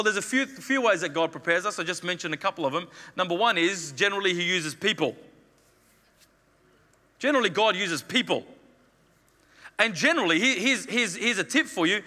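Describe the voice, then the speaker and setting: A man's voice: high voice, pushed and bright. A man preaching a sermon as pastor, emphatic, repeating phrases and acting out the lines he quotes. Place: church hall. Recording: long reverb of a church hall.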